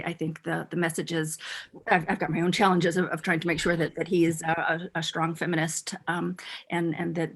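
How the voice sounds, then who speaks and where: A middle-aged woman answering as a panelist on a video call, thoughtful and halting with many restarts and fillers. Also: on the low side, gravelly, a bit bright, husky.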